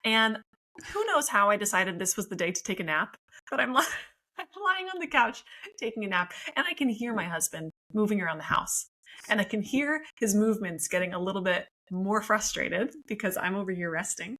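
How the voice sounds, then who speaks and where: Bright-voiced woman therapist on a podcast. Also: mid-range voice, lively intonation, a little fast, low-quality recording. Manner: friendly, explanatory, laughs easily. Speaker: marriage and family therapist guest. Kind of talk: podcast interview.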